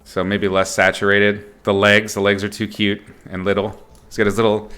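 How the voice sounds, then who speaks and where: Joking low-voiced man teaching art. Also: completely flat delivery, moderate pace, pushed and bright. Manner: playful and joking, laughs often, swears; rambling, with fillers and restarts. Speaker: art instructor streaming. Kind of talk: casual livestream art lesson.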